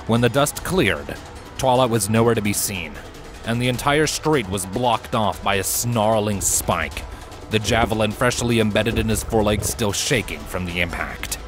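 A man reading fan fiction aloud in a steady, measured audiobook narration. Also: on the low side, music in the background. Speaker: fanfiction reader.

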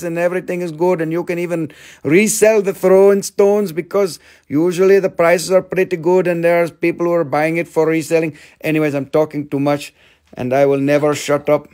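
Jokey, higher-voiced male rock seller. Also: darkish tone. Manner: joking, rambling, playful. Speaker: live stream rock seller. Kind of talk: live sales stream patter.

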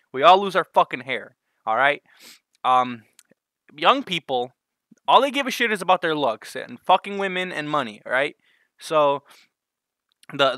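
A man's voice: a little high, bright, forceful tone, no echo, studio quality. A man vlogging a crude, sarcastic comedic rant, often breaking into laughter at his own jokes.

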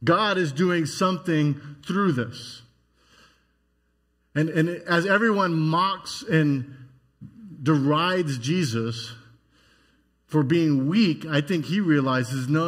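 A man's voice: a little high, a bit bright, slightly rough. A man preaching a sermon as pastor, musing aloud in a conversational way with frequent restarts.

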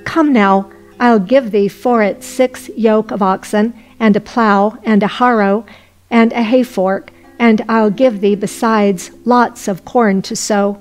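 A woman voicing a greedy, quick-tempered rich man in a folk tale, speaking in old-fashioned, scolding phrases. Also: mid-range voice, steady tone, faint music behind, lightly acted. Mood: coaxing.

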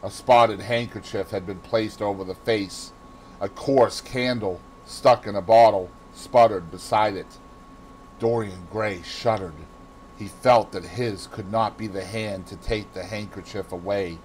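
A man with a Boston accent reading a classic novel aloud in expressive scripted narration. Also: on the low side, unhurried, a little hiss or hum, low-quality recording. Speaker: audiobook reader.

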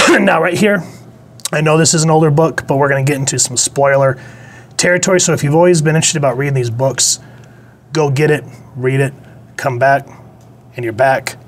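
A man's voice: a little high, fairly quick, pauses often. A man giving a casual spoken comic book review, chatty and digressive, blunt, with casual swearing.

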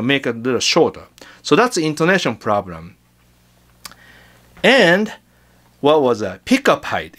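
A man teaching guitar in a casual lesson, chatty and halting, often repeating words as he demonstrates. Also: on the high side, a bit bright.

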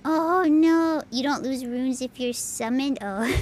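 A woman streaming games live, talking excitably with frequent giggles and dramatic outbursts. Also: sits high, very noisy. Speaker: game streamer. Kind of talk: live gameplay commentary.

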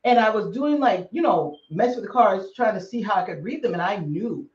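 A woman guest telling a story in a casual interview, animated and laughing often. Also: medium pitch, normal speed, lo-fi sound. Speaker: psychic guest. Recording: distant roomy remote call audio.

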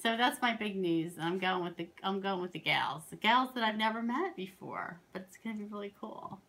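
A woman's voice: medium pitch, normal speed. Chatty, rambling woman crafting vlogger. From Pennsylvania. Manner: rambling and excitable, with many asides. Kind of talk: casual chatty show-and-tell.

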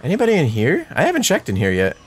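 A young man doing live gameplay commentary for his channel, excitable and talking straight to his viewers. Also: fairly high pitch, quick pace, husky. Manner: excitable, talks to viewers, shouts at wins. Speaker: gaming YouTuber.

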